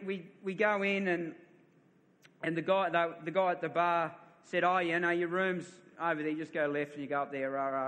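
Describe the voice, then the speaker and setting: A middle-aged pastor preaches a sermon in a high, pushed, bright voice, telling a story with many repeated words and laughing at himself. The long reverb of a large hall surrounds the recording.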